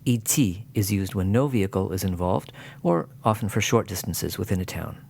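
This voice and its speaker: A man teaching a language lesson in clear scripted narration, with dry humor. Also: low voice, expressive, moderate pace, a little mellow, a little hiss or hum.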